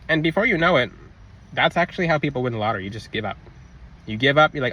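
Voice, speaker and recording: A man's voice: medium pitch, expressive, racing, sharp tone, rough recording. A young man talking casually about faith in a vlog, rambling loosely with lots of fillers and restarts. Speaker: vlogger. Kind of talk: casual spiritual vlog talk.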